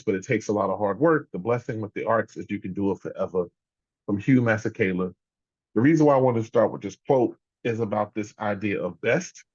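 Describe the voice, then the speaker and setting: Low-voiced man with muffled call audio. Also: a little mellow, no room sound. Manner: hesitant, many fillers and hedges. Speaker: workshop facilitator. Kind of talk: leading an online workshop. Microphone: video call. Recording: dull, dry lo-fi call audio.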